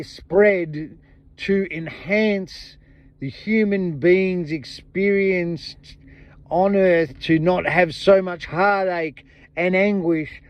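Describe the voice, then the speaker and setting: A man hosting a podcast, giving an impassioned, blunt monologue full of swearing and repeated emphatic phrases. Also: fairly high pitch. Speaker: podcast host. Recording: dull lo-fi sound.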